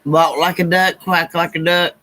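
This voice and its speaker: A woman's voice: lowish voice, fairly even intonation, moderate pace, fairly bright tone, low-quality recording. Southern woman doing psychic readings. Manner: gushing, calls listeners honey and baby; blunt and earnest, repeats herself. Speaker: psychic card reader. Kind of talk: live-stream reading to chat.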